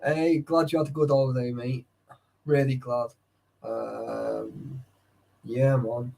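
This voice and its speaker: A man's voice: mid-range voice, level tone, slow pace, gravelly, darkish tone. A young man chatting casually with live viewers, tired and sleepy, swearing often and greeting chatters by name. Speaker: livestreamer.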